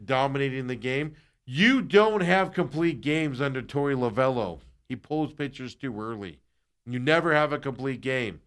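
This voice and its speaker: A man on a sports talk show ranting in a fired-up, sarcastic way. His pitch swings widely as he rises and falls through the rant, never settling into a flat delivery. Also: a little fast, clear, resonant tone. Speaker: sports radio host.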